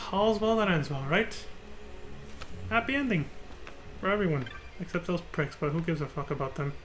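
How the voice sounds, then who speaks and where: A man's voice: a little high, lively intonation, moderate pace, long pauses, music in the background. A man streaming a video game live, chatting casually and cursing often. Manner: casual, profane, laughs often.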